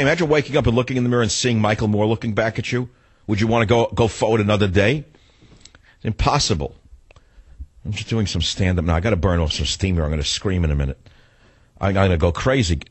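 A man's voice: lowish voice, slightly rough. A man hosting a talk radio show, ranting in an indignant, theatrical monologue into a studio microphone.

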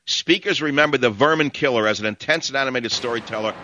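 A man's voice: medium pitch, fast talker, bright, forceful tone, slight background noise. A man with a New York accent hosting call-in talk radio, ranting in a brash, sardonic, rambling way.

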